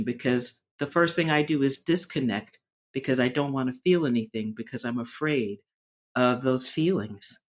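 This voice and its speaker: Earnest woman telling her own story. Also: rumbling low. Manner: reflective and earnest, halting with frequent restarts. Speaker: vlogger sharing a personal story. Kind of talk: candid personal vlog.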